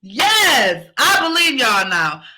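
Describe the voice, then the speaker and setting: A woman hosts a podcast in a high, piercingly bright voice. She drives each point home through emphatic repetition, pep-talk style. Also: very animated, slow, low-quality recording. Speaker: podcast host.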